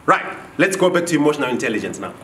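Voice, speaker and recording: Guy running a business training class, high lively voice, asks the room questions and acts out little scenes, sounds far from the mic in an echoey room. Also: rapid-fire, a little hiss or hum. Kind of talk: classroom workshop lecture. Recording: roomy echo from far off.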